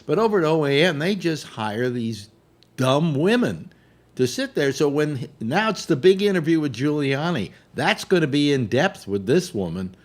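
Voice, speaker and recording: A man hosting a casual panel chat on a video call, sarcastic and animated, stumbling over restarts. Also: a little high, normal speed. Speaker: host.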